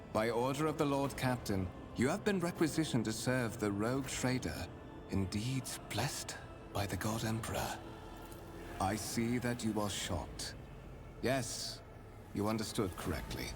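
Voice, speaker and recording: An actor playing a courtly, calculating male spymaster in a video game, speaking with formal, measured and faintly menacing courtesy. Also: fairly low pitch. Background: game music.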